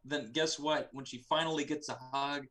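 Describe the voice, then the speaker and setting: A man's voice: on the high side, fairly even intonation, normal speed, bright, forceful tone. A man co-hosting a casual review show, ranting with profanity and sarcasm. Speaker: co-host.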